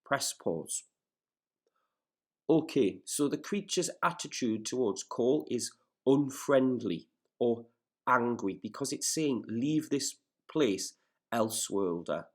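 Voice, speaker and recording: A male teacher reading a story aloud in a recorded lesson, stopping to explain words and setting questions in a patient, measured way. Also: medium pitch, expressive. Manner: careful, measured classroom delivery.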